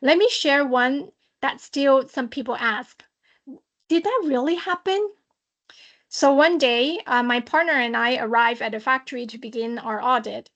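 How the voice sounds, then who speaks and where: A woman auditor giving a prepared talk on a video call, telling a work story in a lively, dramatic way with playful asides. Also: fairly high pitch, moderate pace. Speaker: social compliance auditor. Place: online webinar.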